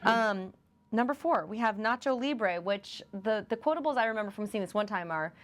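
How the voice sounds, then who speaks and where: A young woman co-hosting a podcast and chatting casually with her co-host. She laughs often and slips into quick impressions of movie lines. Her pitch sits mid-range for a woman. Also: lively intonation. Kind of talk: casual chat.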